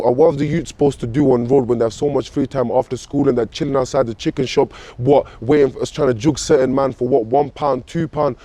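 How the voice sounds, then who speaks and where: A man's voice: medium pitch, warm tone. A man with a London accent, speaking as an interviewee in an impassioned street interview. He talks angrily, swears a lot and fires off one rhetorical question after another. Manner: angry, profane, fires off repeated rhetorical questions.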